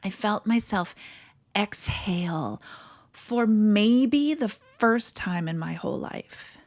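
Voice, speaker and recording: A middle-aged woman coach in a reflective monologue, tearful and crying, emotional and halting, with sighs and soft breathy asides. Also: medium pitch, lively intonation. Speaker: podcast host and coach.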